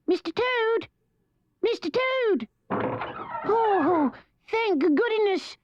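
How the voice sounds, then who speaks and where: A tiny flustered animal stagehand. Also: female voice, extremely high pitch, expressive, extremely slow, lo-fi sound, a little hiss or hum, exaggerated voice. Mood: anxious. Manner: anxious and polite. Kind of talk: stop-motion animation voice acting.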